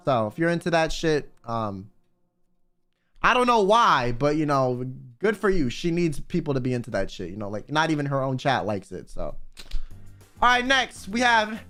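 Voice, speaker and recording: Young guy streaming, swears a lot, goes off on tangents, some quiet music under it. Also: sits high, lively intonation, fairly quick, clear, resonant tone. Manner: profane, rambling asides. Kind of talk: casual stream commentary.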